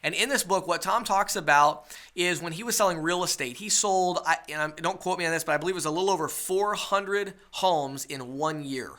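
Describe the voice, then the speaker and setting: A man's voice: fairly high pitch, brisk, hardly any pauses, pushed and bright. A man teaching a webinar sales lesson, coaching his listeners and checking in with rhetorical questions. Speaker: sales trainer.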